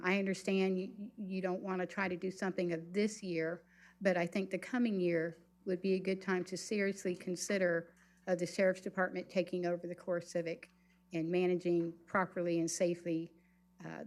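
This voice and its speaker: A woman giving a public comment at a county meeting, pausing often with ums and uhs. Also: fairly low pitch, flat delivery, a little mellow. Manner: hesitant, many ums and uhs.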